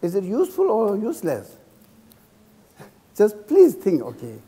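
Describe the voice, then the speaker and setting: Husky-voiced Tibetan monk teaching. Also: male voice, high voice, wildly swooping pitch, warm tone. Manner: halting non-native English, keeps checking in with "okay?"; acts out insults and praise with a laugh. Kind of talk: dharma class lecture. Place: teaching room in a cultural center. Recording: reverberant hall.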